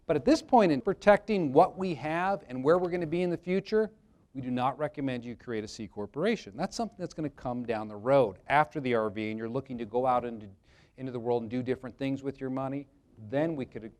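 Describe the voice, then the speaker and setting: A man presenting a live workshop, talking conversationally to the audience and telling jokey anecdotes about insurance. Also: medium pitch. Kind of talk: live seminar talk with anecdotes.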